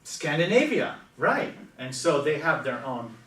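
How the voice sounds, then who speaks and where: A man's voice: on the high side, big pitch swings, a little slow, fairly bright tone. A man with an American accent teaching a classroom lecture, chatty and stopping often to ask his students questions. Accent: General American. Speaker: language teacher. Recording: echoey classroom from far off.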